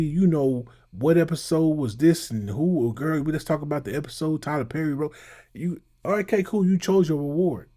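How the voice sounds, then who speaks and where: A man's voice: fairly high pitch, warm tone. A man hosting his own channel, giving emphatic casual commentary and reacting to clips. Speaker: channel host.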